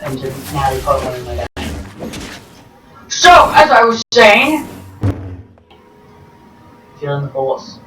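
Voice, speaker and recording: A woman giving rambling, jokey game commentary, full of excitable outbursts and self-corrections. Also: deep voice, slow, pauses often. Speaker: gameplay commentator. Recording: roomy, distant mic with game music.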